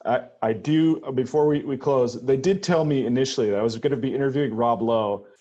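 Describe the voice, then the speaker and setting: A man's voice: medium pitch, fairly quick, mellow, muffled recording. A man hosting a casual podcast interview, eager and fanlike, laughing easily. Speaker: podcast host.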